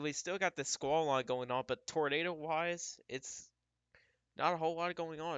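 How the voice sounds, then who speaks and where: A man talks through storm radar on a livestream, musing aloud and circling back as he goes. His voice is bright and crisp, with a dry, close sound and little room around it. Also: medium pitch, dry recording. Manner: thinking aloud, casual and unhurried with restarts. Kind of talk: live weather commentary.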